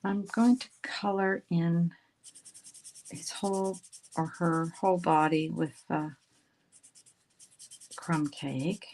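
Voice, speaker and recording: A woman, hosting a casual crafting tutorial livestream, chatting as she works and slipping into soft murmured asides. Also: on the low side, steady tone, takes it slowly, long pauses, rough recording. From Canada. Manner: chatty, talks while working, drifts into soft murmured asides. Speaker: craft instructor and livestream host.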